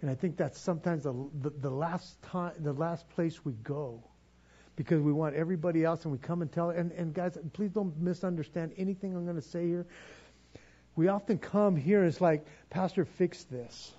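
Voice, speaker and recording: A man's voice: on the high side, fairly even intonation, normal speed, mellow, husky, lo-fi sound. A man preaching a sermon as pastor, earnest and pleading, often stumbling over repeated words.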